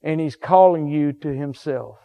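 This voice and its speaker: A male pastor, preaching a sermon with fervent rises into high shouts and soft, low drops. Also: measured pace.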